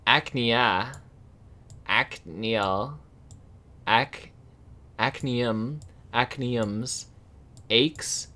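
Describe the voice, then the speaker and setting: Slow, gravelly man sounding out words. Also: medium pitch, pushed and bright. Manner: slowly sounding out hard words, stumbling and self-correcting; dry amused asides to himself. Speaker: streamer reading a dictionary aloud. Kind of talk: casual reading of dictionary words.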